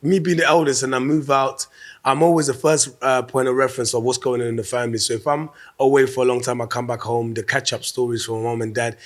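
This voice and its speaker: A man, a comedian being interviewed, talking in a relaxed, reflective way and restarting words mid-thought. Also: medium pitch, fast talker. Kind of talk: casual interview.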